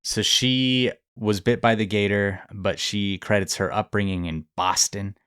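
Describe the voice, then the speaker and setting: A man's voice: lowish voice, steady tone, unhurried, fairly bright tone, clear, resonant tone, no room sound, studio quality. A man co-hosting a podcast, casually retelling a news story with easy laughs. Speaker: podcast co-host. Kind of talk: casual chat.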